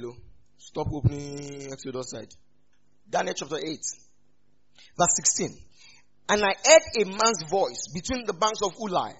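A man's voice: a little high, husky, dull audio. A man with a Nigerian accent preaching a humorous sermon, slipping into Yoruba asides. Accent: Nigerian, Yoruba-speaking. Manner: humorous, mixing in Yoruba asides, lively swings in loudness. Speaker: pastor.

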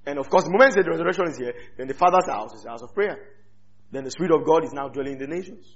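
A man's voice: a little high, very fast. Man, preacher, sermon, rhetorical questions, dull lo-fi recording. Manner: animated, teaching with rhetorical questions to the congregation.

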